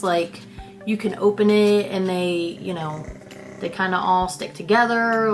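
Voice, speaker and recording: A woman's voice: medium pitch, steady tone, measured pace, soft background music. A young woman vlogger chatting casually about her makeup, rambling and self-deprecating, with casual swearing. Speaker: beauty vlogger. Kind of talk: casual makeup declutter chat.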